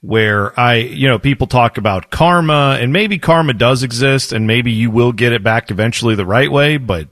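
A man co-hosting a sports radio show, chatting with wry, expressive storytelling. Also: mid-range voice, normal speed, few pauses, dry recording. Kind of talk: casual chat.

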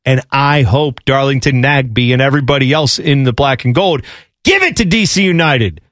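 A man's voice: mid-range voice, animated, normal speed, fairly bright tone, no echo, clean studio sound. A man hosting a sports talk show in casual chat, rambling and joking with frequent laughter. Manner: rambling, jokey, laughs often. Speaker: sports radio host.

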